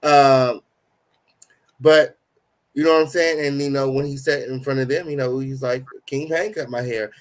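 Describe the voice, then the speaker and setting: Man, gossip show host, slangy, mid-pitched voice. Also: flat delivery, normal speed, pauses often. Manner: dramatic exclamations, slangy, chatty. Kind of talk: casual gossip chat.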